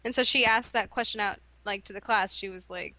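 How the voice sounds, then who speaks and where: A woman's voice: mid-range voice, fairly quick, bright, forceful tone, dry recording. A young woman in college, telling stories in a casual chat, giggly and self-deprecating. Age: young adult. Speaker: podcast co-host.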